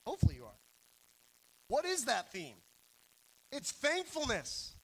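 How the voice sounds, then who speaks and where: A young man preaching a sermon, telling stories with animated, self-deprecating humor. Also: very high-pitched, a little slow, rough recording.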